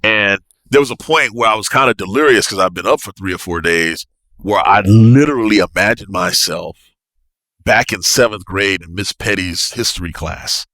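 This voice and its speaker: Animated storytelling man, bright forceful voice. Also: lowish voice, normal speed, no echo. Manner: animated, laughing, excitable storyteller. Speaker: podcast guest, navy officer. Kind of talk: casual storytelling.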